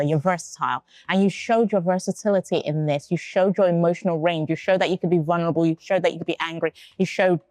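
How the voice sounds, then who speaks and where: A woman's voice: on the low side, a little mellow, no room sound. A woman judging an acting contest, giving encouraging, direct coaching to contestants. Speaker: talent show judge. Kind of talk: giving performance feedback.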